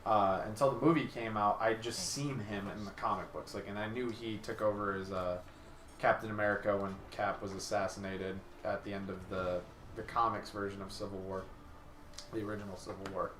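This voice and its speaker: Bright-voiced young man, enthusiastic podcast host. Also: on the low side, steady tone. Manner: enthusiastic, rambling, quick to laugh. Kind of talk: casual podcast chat. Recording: echoey room mic from a distance with faint noise.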